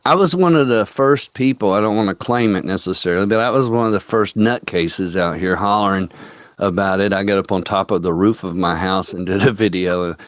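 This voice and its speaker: A man's voice: deep voice, fairly quick, no room sound. A man hosting a casual online chat, telling folksy stories and acting out what people said. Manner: folksy storyteller, quotes people in dialogue.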